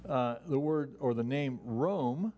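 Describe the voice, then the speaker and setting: Chatty pastor teaching the Bible, faint hum. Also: male voice, medium pitch, slow. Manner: relaxed and chatty, many "you know"s and restarts, chuckles.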